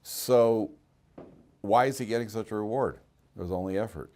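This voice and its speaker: A rabbi teaching a Torah class to students in a classroom, acting out voices from the story and breaking off to speak to the students directly. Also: male voice, lowish voice, normal speed. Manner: animated, acts out voices of people in the story.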